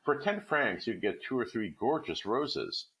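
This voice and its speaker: A man's voice: mid-range voice, big pitch swings, unhurried, fairly bright tone, pitched above the performer's own voice. A man voicing a timid, eager-to-please clerk husband in a storybook reading, stammering anxiously. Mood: pleading.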